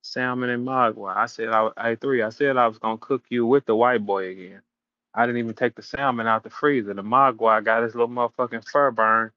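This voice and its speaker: Man, mid-pitched, taunting, profane, storytelling, dull dry lo-fi audio. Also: steady tone, fairly quick, dry recording. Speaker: battle rap show host. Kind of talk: casual live audio-room rant.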